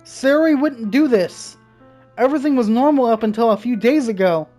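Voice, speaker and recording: In a mellow, slightly high voice at normal speed, a young streamer plays a visual novel and reads its lines aloud. Fear gets the better of her at times and she swears, all over faint game music.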